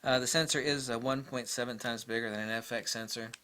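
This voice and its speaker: A man's voice: mid-range voice, fairly even intonation, a little fast, bright, forceful tone, a little hiss or hum. A man giving a rambling, enthusiastic camera review in a casual way, full of fillers and restarts.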